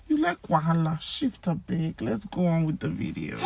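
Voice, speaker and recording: A woman with a Nigerian accent giving a casual language lesson, acting out example phrases with lively swings in pitch and loudness. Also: moderate pace, vocal fry, hardly any pauses, breathy edge, no echo. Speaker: language teacher.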